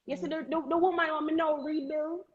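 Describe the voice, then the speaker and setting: A Jamaican woman with a notably high voice talks in an earnest, emphatic way, circling back and repeating words as she pushes her point. The sound is dull and lo-fi. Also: fairly even intonation, quick pace. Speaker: guest. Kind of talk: candid conversational talk.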